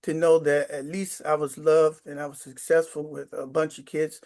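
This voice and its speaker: A man's voice: on the high side, little pitch movement, moderate pace, a little mellow. A man in his sixties, a retired sixth grade teacher, telling stories from home in a rambling, emotional way with stammers and restarts. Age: 60s. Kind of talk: casual storytelling to camera. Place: his apartment.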